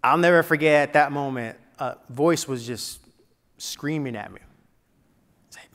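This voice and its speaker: A man giving a keynote speech, telling a personal story dramatically and dropping to a hush at painful moments. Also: a little high, measured pace, pauses often. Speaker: keynote speaker. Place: large event hall before an audience. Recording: long hall reverb.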